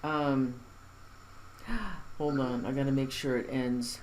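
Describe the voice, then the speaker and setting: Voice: mid-range voice, takes it slowly, darkish tone, a little hiss or hum, rough recording. Distracted host fumbling through files. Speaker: interviewer playing audio clips. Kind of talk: casual interview chat.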